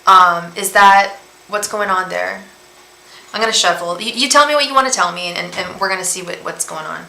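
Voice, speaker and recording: A woman's voice: lowish voice, moderate pace, vocal fry, bright, forceful tone, reverberant, low-quality recording. A woman, a tarot reader on a casual livestream, talking in a rambling way full of fillers and restarts. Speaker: tarot reader and psychic medium.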